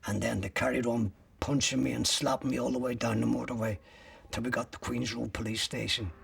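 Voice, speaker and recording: A man's voice: medium pitch, little pitch movement, fairly quick, vocal fry, fairly bright tone, recorded from a distance, a little hiss or hum. An older man, recounting a personal ordeal as an interviewee in blunt, graphic words with swearing.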